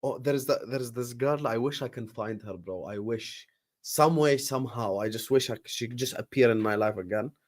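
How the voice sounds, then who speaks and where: A young man talks casually on a live football stream at an ordinary middle pitch. He rambles and jokes with slang and the odd swear word, and his level swings between soft mock-sad murmurs and loud outbursts at the match. The sound is close and dry. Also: fairly quick, no room sound. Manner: drops to low mock-sad mumbles, then loud bursts at match action. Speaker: streamer hosting a football watchalong.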